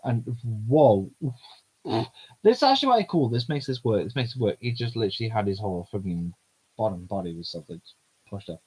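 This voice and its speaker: A man's voice: lowish voice, lively intonation, a little fast, a little mellow, husky, poor audio. A man streaming himself reading a manga aloud, chatty and giggly, in casual commentary.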